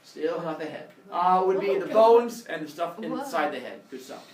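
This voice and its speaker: Animated male teacher in an echoey classroom. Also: on the high side, normal speed, recorded from a distance, crowd noise. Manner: animated, jokey, acts out characters. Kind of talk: storytelling to a class.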